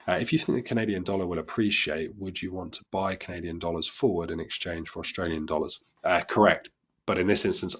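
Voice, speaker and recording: A man's voice: low-pitched, a bit bright, slightly rough. A man teaching a trading lesson to a live class, chatty and self-deprecating, often restarting and repeating words as he explains. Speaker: trading instructor.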